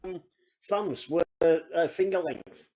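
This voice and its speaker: A man co-hosting a casual comedy show, laid-back and often chiming in with quick agreement. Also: fairly high pitch, heavy background noise. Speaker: co-host.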